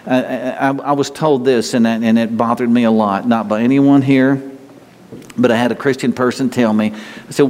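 Earnest pastor in a reverberant hall. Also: male voice, mid-range voice, steady tone, moderate pace, a little mellow. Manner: earnest, conversational, repeats and restarts words. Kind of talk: sermon.

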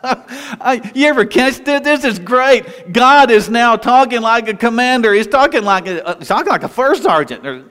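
A man preaching a sermon in a lively, conversational way, restarting phrases and talking straight to the congregation. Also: very high voice, unhurried. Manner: animated, conversational preaching with frequent restarts and asides. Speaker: pastor. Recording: long reverb of a large hall.

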